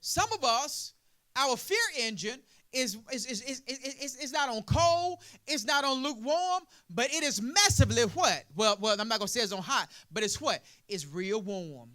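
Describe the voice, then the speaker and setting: A male preacher giving a sermon in a call-and-response style, asking "what?" and answering himself, building from quiet explaining to loud preaching. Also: very high-pitched, lively intonation, normal speed.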